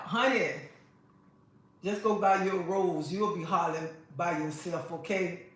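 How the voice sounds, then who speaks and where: A woman's voice: lowish voice, a little slow. A woman host chatting casually on a livestream, sassy and preachy, calling her viewers honey. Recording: echoey room, mic at a distance.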